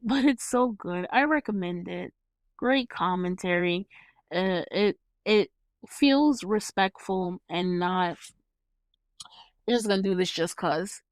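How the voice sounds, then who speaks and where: A young woman hosts her own show and retells a film scene by scene, with an animated, laughing delivery and casual swearing. Her voice is smooth and clear, with a medium pitch. The recording is dry and close, with no room sound. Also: dry recording. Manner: swears freely. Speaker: host reviewing a movie. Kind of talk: casual solo commentary.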